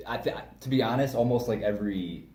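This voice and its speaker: A man co-hosting a casual chat, earnest and halting, full of fillers. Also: medium pitch, mellow. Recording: echoey room with faint noise.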